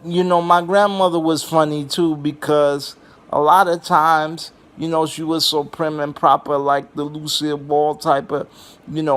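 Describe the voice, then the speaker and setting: Slow, rambling young man, profane storyteller. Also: on the high side, a bit bright. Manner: rambling and profane, with many fillers and restarts. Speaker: vlogger. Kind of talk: casual comedic storytelling.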